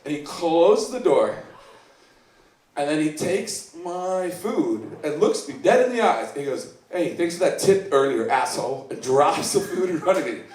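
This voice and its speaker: Unhurried but very animated, an Icelandic comic with a fairly high, darkish-toned voice does rambling, self-deprecating open mic stand-up, acting out the voices in his stories. Audience laughter fills the echoey room, recorded from a distance.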